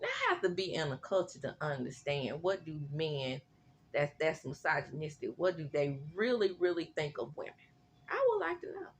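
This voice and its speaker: A woman with a somewhat low voice talks through a reality TV recap in a loose, chatty way, full of animated asides. A faint background noise sits under her voice. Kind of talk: casual show recap.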